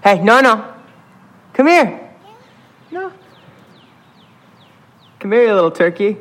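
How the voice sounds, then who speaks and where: Dad doing a creepy old lady voice for a home video, very high and sliding wildly, drawn out slow. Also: big pitch swings, fairly bright tone, exaggerated voice. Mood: teasing, playful. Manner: teasing, coaxing a toddler in swooping tones.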